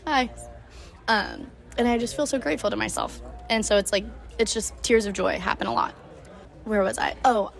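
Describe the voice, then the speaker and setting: A young woman in her twenties hosting a solo podcast, telling a travel story in a gushing, casual way, filling her speech with "like" and dropping casual swears. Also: mid-range voice. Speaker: podcast host.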